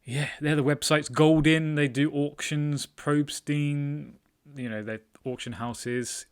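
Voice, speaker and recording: A man's voice: fairly high pitch, fairly even intonation, takes it slowly, clear, resonant tone. A man hosting his own channel, answering viewer comments in a casual, self-deprecating chat and laughing often. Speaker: trading card collector channel host.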